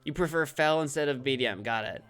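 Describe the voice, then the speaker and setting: A man talks through his gameplay on a live stream, thinking aloud and answering viewers in chat. His voice sits in an ordinary middle pitch, and he is quick to make fun of himself. Soft game music plays faintly behind him. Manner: chatty, self-deprecating, reads chat aloud.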